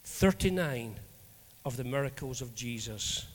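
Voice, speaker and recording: A man's voice: medium pitch, unhurried, big-room sound. A Scottish man preaching as a minister, telling stories animatedly and acting out the dialogue. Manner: animated, acts out dialogue in anecdotes. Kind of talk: storytelling sermon.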